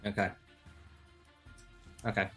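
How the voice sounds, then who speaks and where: A man's voice: takes it slowly, a bit bright, faint music behind. Methodical man counting out his moves. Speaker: player. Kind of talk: tabletop game play.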